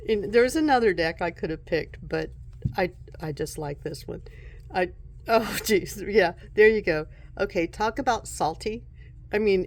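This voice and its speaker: A woman vlogging casually at home about her tarot decks, soft-spoken and unhurried, often breaking into giggles. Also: mid-range voice. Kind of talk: casual show-and-tell vlog.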